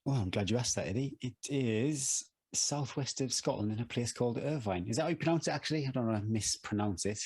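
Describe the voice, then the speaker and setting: A man co-hosts a running podcast, reading out event details and cracking jokes he laughs at himself. His voice sits at a middle pitch. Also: a little fast, hardly any pauses, darkish tone, breathy edge. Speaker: podcast co-host. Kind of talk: casual chat.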